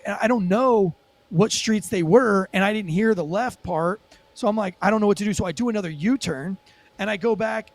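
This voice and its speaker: A man with a high-pitched voice tells his story as a podcast guest. His telling is animated and profane and packed with fillers. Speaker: former police officer and podcast guest. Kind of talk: storytelling in a casual podcast interview.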